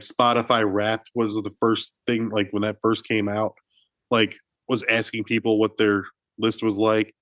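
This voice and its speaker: On this film podcast, a male co-host with a lowish, slightly bright voice chats casually, telling loose stories packed with "like" and restarts. The recording has no echo.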